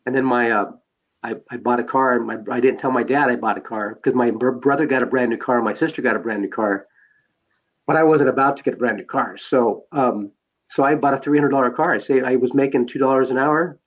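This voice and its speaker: A man's voice: medium pitch, fairly even intonation, fairly quick. A man telling his own life story as a podcast guest, rambling with many fillers and restarts. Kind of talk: personal life story told in conversation. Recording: dull lo-fi sound.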